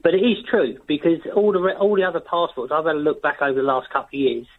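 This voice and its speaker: A man's voice: on the high side, steady tone, quick pace. A man calling a radio phone-in, chatty and earnest, heard down a phone line. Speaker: caller. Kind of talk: phone-in call.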